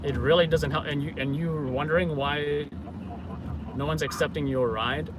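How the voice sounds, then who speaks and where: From the driver's seat, a man streams live and responds to his audience in a loose, filler-heavy, self-correcting ramble. He has a fairly high voice with fairly even intonation at normal speed, with traffic and street noise in the background.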